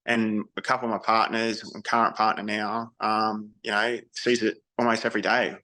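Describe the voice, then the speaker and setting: A man's voice: lowish voice, little pitch movement, normal speed, sharp tone, low-quality recording. An Australian man, a veteran guest on an interview podcast, speaking candidly in casual storytelling with frequent restarts.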